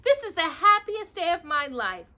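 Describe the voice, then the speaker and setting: Woman voicing a dreamy teenage princess, high voice, sweet, singsong, swooping storybook reading. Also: big pitch swings, normal speed, bright, forceful tone, exaggerated voice.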